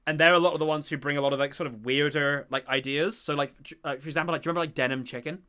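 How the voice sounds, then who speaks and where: A man talking fast in a bright, forceful voice that sits a little high. He hosts a casual, rambling chat, full of fillers and eager asides. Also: steady tone, clear, resonant tone. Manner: enthusiastic, rambling, many fillers. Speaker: podcast host. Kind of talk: casual chat about a TV show.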